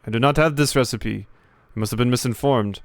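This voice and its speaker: A man's voice: medium pitch, a little fast, close to an everyday voice. A man voicing a stiff, self-important male German bureaucrat in a put-on German accent, speaking in an officious, clipped way.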